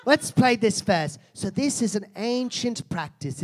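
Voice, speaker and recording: A man's voice: high-pitched, lively intonation, measured pace, hardly any pauses. A man hosting a live comedy show on a theater stage, mock-solemn and abrasive, swearing and laughing at his own jokes.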